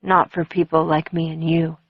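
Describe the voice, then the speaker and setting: Brief: a female reader doing a quiet, mysterious teen boy, lowish voice, dull dry audiobook sound. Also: flat delivery, moderate pace, breathy edge, no echo. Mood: gentle. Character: mysterious gentle teenage boy.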